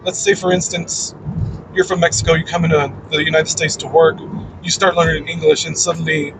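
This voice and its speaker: A man's voice: fairly high pitch, little pitch movement, brisk, background noise. A man in an unscripted personal monologue, ranting bluntly and emphatically, with frequent swearing. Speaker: video creator.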